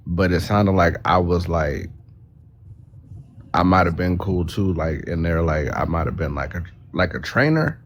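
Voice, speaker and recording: A man in a casual live video chat, talking haltingly and searching for words. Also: deep voice, a little hiss or hum. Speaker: live stream guest.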